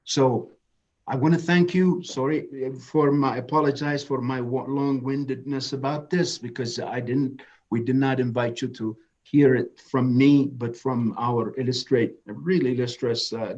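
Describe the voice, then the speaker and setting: A man's voice: mid-range voice, a little mellow, lo-fi sound. A man moderating a webinar, giving passionate opening remarks that rise to emphatic declarations.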